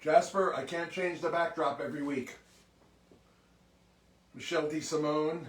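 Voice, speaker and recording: A man's voice: a little high, steady tone, measured pace, distant mic. A man hosting a music livestream, chatting casually and greeting viewers one by one by name. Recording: roomy sound from off mic.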